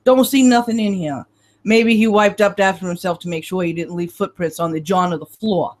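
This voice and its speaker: A woman voicing a gruff middle-aged male police detective in a put-on Brooklyn accent, blunt and clipped, in a read-aloud novel. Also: mid-range voice, steady tone, fairly quick, close to an everyday voice. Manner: blunt, clipped, louder than the narration.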